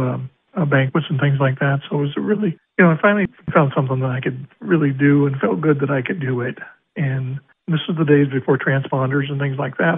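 An older racetrack announcer from Arizona tells his stories in a gravelly, husky voice that sits a little high for a man. He acts out both sides of every conversation. The sound comes through a thin, phone-like radio line. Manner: animated storyteller acting out quoted dialogue. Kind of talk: storytelling interview.

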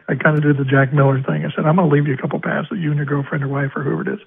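An older racetrack announcer from Arizona tells his stories in a gravelly, husky voice that sits a little high for a man. He acts out both sides of every conversation. The sound comes through a thin, phone-like radio line. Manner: animated storyteller acting out quoted dialogue. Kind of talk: storytelling interview.

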